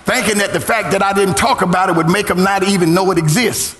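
A middle-aged man preaching a sermon as pastor, swinging into sung, shouted lines and calling on the congregation to respond. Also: sits high, fairly even intonation, quick pace. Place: church. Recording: church hall reverb.

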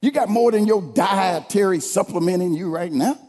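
High-voiced preacher man in a reverberant hall. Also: normal speed, faint music behind. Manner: call-and-response preaching, rising to shouts. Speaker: pastor. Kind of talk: sermon.

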